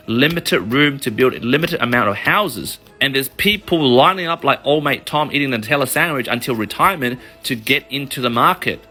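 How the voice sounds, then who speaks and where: Bright-voiced Australian man, animated explainer. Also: medium pitch, brisk, soft background music. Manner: animated storytelling with sound effects and swearing. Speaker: mortgage broker. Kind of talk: casual explainer monologue.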